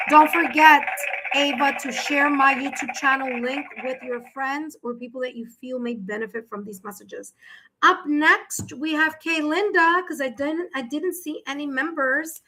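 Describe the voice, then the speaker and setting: A woman's voice: high voice, very noisy. A woman giving a live-streamed tarot reading, effusive, exclaiming and thanking viewers by name. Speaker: tarot reader.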